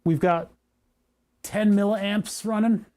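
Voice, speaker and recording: A man's voice: sits high, steady tone, takes it slowly, a little mellow. A man casually chatting to his viewers as he tinkers with a hardware project, rambling and joking as he works. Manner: rambling, joking, talks to chat while working. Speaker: maker streaming a hardware project. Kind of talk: casual livestream tinkering talk.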